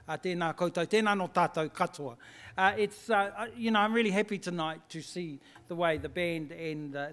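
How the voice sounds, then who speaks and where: A man's voice: sits high, a bit bright. A man with a New Zealand accent giving a blunt, joking acceptance speech with lots of hesitations. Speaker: band manager giving a speech.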